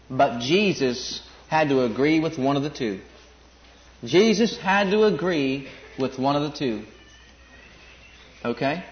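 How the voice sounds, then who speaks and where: A man preaches in a notably high voice, pressing his points by repeating phrases and rising to excited peaks. The recording is dull and lo-fi. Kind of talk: sermon.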